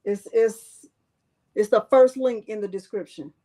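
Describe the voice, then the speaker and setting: A woman's voice: medium pitch, unhurried, dark tone. A middle-aged woman hosting a live crafting stream, talking straight to her viewers, emotional and close to tears. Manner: emotional, teary, talks straight to viewers with "y'all". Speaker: craft channel host.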